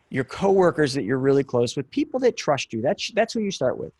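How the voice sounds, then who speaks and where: A man's voice: high-pitched, husky, no echo. A man hosting a podcast, giving a casual, emphatic motivational lesson with lots of energy. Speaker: podcast host and real estate coach. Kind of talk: motivational teaching monologue.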